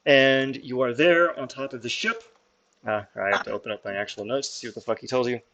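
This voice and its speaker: A man's voice: medium pitch, fairly bright tone. A young man narrating as game master in a casual, swearing, laughing way with many ums.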